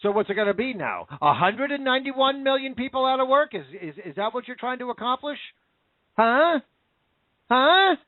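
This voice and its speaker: A man's voice: extremely high pitch, big pitch swings, fast talker, hardly any pauses, dry recording. A man hosting a show, ranting in angry, sarcastic political commentary. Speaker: podcast host. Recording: tinny phone-like dry audio.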